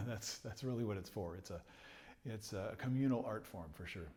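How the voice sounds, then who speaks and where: In a music lesson, a trumpet teacher with a fairly low, slightly mellow voice explains rhythm and phrasing patiently at a moderate pace. Between points he chuckles, and at times he sings rhythms aloud.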